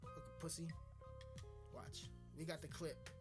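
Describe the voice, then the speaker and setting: A man's voice: on the high side, fairly even intonation, unhurried. A man hosting a podcast, ranting casually in a crude, rambling, mocking way. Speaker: podcast host. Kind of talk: casual profane rant. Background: loud music.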